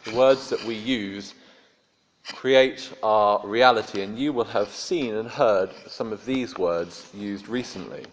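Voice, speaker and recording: A man's voice: lowish voice, slow, slight background noise. A man preaching a sermon in a conversational storytelling way with dry humor. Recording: dull lo-fi sermon recording.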